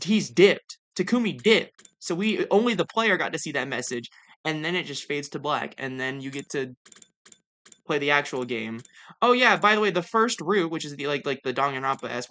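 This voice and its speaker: Excitable young woman streaming a game. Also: sits low. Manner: excitable, gushing, with fast repeated restarts. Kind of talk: casual let's-play commentary.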